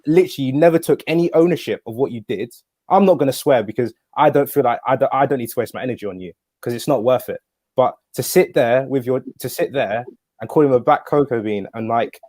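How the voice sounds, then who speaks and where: A man's voice: medium pitch, warm tone, no room sound, clean studio sound. A young man of nineteen on a livestream panel, speaking indignantly with frequent restarts. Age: young adult. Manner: quick, indignant, full of restarts. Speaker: panel guest.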